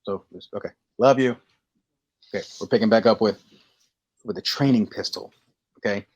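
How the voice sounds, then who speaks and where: A man co-hosting a casual podcast, telling stories with lively energy and acting out lines in quick bursts. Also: lowish voice, husky. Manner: animated storytelling, acting out movie lines. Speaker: podcast co-host. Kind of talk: casual chat.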